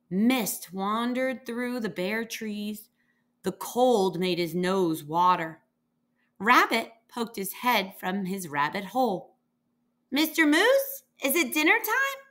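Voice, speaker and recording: A woman reading a children's picture book aloud, slowly and expressively, giving the animals their own voices. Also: mid-range voice. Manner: lively character voices, slow and expressive. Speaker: reader.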